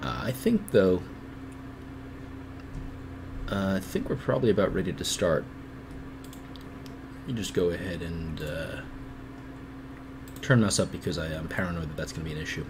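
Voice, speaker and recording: A man's voice: low voice, moderate pace, long pauses, background noise. A man hosting a livestreamed podcast, chatting casually and rambling, with lots of fillers and restarts. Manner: rambling, self-deprecating, many fillers and restarts. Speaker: podcast host.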